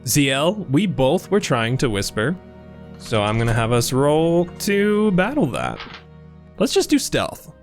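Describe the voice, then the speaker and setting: A man narrating a tabletop role-playing game as game master, describing scenes briskly. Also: medium pitch, wildly swooping pitch, soft background music.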